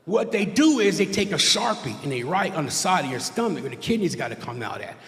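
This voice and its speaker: A man's voice: on the high side, sing-song, fairly quick. Self-mocking man doing stand-up in an echoey hall. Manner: conversational, self-mocking, tag questions to the crowd. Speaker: stand-up comedian. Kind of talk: stand-up comedy set. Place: church stage with a live audience. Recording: echoey hall, long reverb.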